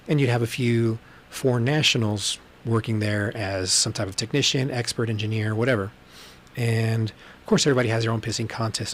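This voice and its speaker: A man's voice: medium pitch, steady tone, fairly quick, slight background noise. A man hosting a casual solo livestream podcast, telling rambling stories with plenty of ums and blunt profanity. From Texas. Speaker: podcast host. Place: room at home with books behind him. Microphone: webcam livestream, on camera.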